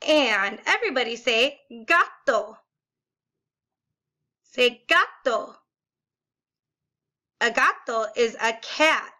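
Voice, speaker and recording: A woman teaching a video lesson, saying words slowly and with exaggerated, sing-song emphasis for her class to repeat, and praising often. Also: fairly high pitch, lively intonation, pushed and bright. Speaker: Spanish teacher.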